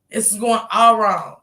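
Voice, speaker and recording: Woman host, crisp sharp voice, loose profane storyteller who laughs a lot. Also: medium pitch. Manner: animated, profane, laughs often, acts out others' lines. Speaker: livestream host telling a story. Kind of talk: casual storytelling to viewers.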